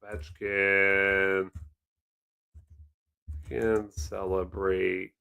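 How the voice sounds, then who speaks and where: A man's voice: sits low, level tone, drawn-out words, creaky, pushed and bright, clear, resonant tone, soft background music. A man hosting a casual live stream from his desk at home, rambling and joking as he reads and answers the chat. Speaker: livestream host. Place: home desk with several monitors.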